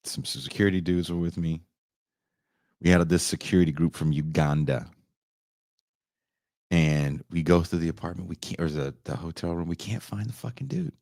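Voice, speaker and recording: A man on a podcast telling a story casually, animated and profane, often leaping up in pitch for emphasis. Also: normal speed, creaky, pauses often, dry recording, clean studio sound. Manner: animated, profane, jumps into high voices for emphasis.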